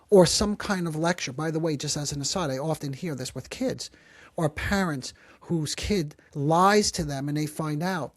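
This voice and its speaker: A man hosting a psychology podcast, who explains calmly and gently and slows down to stress key phrases. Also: on the high side, dry recording. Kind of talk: calm explanatory talk.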